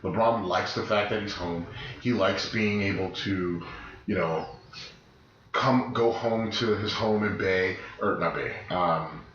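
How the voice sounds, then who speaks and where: A man's voice: lowish voice, unhurried, a bit bright. Sick, rambling male podcast host. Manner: rambling, emphatic, many restarts. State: sick, voice deeper than usual. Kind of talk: casual chat. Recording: echoey room, dull lo-fi sound, faint noise.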